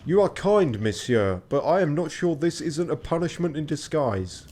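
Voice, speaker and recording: A man's voice: very animated, normal speed, a little mellow. A man putting on a fussy French valet. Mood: polite. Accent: put-on French, badly done. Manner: mock-formal, raised pitch. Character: fussy male French valet, polite and nervous.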